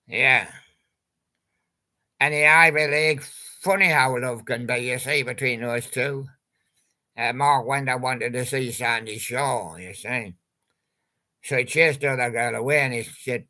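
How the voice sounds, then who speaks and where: A man's voice: mid-range voice, a little slow, pushed and bright. An older man, rambling chattily about old pop songs and making jokey wordplay. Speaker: channel host.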